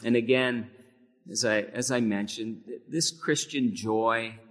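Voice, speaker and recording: A man delivering a church sermon with earnest conviction, his voice pitched in the middle range. He leans into key phrases with sudden emphatic force. A long reverb from the sanctuary trails every phrase. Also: fairly even intonation, slow pace. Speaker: pastor.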